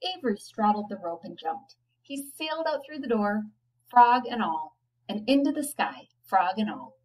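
A woman, a teacher, reading a children's novel aloud, giving the children's lines a lively lift. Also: mid-range voice, moderate pace, far from the mic, rough recording. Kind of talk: storybook read-aloud.

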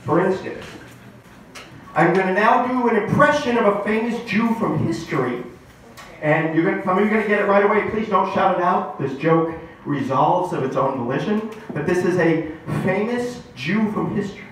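A male comedian works an open-mic crowd with dry, self-deprecating setups and a lively voice. The sound is distant and washed in club reverb, with a faint hiss. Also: high voice, moderate pace. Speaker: stand-up comedian. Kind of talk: stand-up comedy set. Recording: echoey club mic heard from far off.

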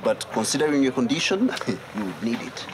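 A man's voice: mid-range voice, animated, brisk, background noise, natural voice. A man playing a teasing, chuckling friend. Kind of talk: TV drama acting.

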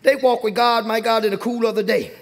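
A young man preaching a sermon in a church, calling out to the congregation and rising to shouts. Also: extremely high pitch, steady tone, a little fast. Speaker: pastor. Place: church sanctuary.

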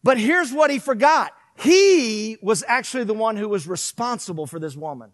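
A middle-aged man preaching a sermon, animated, swinging from loud to hushed and acting out quotes. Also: high-pitched, moderate pace, dry recording, clean studio sound. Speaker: pastor.

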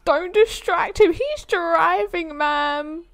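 A woman's voice: extremely high pitch, slow, a bit bright, dry recording, studio quality, faint music behind. A young British woman giving playful, teasing commentary while reacting to a film. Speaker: movie reaction host.

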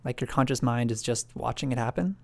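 Musing man with a gravelly, dry voice. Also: mid-range voice, brisk, darkish tone, no echo. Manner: musing, self-questioning, thinking aloud. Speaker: video essay narrator. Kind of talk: reflective scripted narration.

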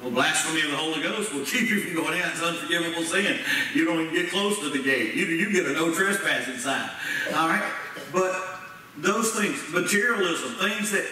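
Here a man with a rather high, bright voice delivers a folksy sermon, his forceful tone carrying Southern-style grammar as he questions the congregation a little quickly. He's a pastor speaking plainly in a church sanctuary, captured from far off in an echoey space with faint noise.

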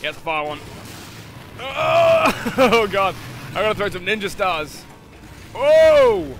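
A man giving casual gameplay commentary, excitable, often laughing and shouting at near misses. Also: high voice, a little slow, slight background noise. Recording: game music playing loudly underneath.

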